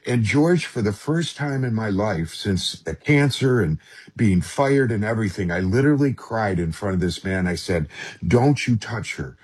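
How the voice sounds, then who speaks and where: Husky man telling a personal story. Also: fairly low pitch, expressive. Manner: earnest, halting, with frequent restarts. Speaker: interview guest.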